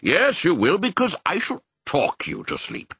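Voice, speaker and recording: A man reading a storybook, voicing a brisk, fatherly old male sheepdog who is a colonel. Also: a little high, wildly swooping pitch, sharp tone, breathy edge, dry recording, voice pushed up, heavily acted. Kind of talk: audiobook character voice.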